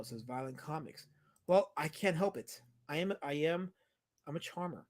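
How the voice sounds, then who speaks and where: A man's voice: a little high, animated, moderate pace. Chatty man hosting a livestream. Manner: rambling, playful teasing of chat. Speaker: livestream host. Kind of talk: casual livestream chat about old movies.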